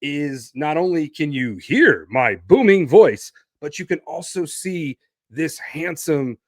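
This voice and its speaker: A man hosting his own podcast, talking casually while standing and moving around, with an energetic, promo-style delivery. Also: a little high, takes it slowly, dry recording, studio quality. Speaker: podcast host.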